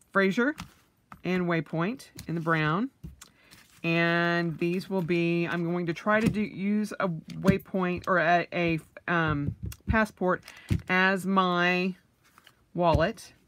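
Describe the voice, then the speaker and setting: A woman's voice: lowish voice, a bit bright, slight background noise. A woman vlogger, middle-aged, unboxing purchases in a casual vlog, gushing with oohs and yays.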